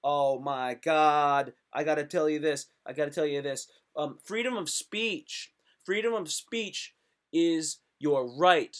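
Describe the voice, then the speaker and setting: A young man hosts his own live stream, rambling in a hyped and self-pumping way and calling his viewers "son" and "kid". His voice sits a little high for a man. He keeps talking with loose, restless energy. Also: a bit bright. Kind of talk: casual live stream monologue.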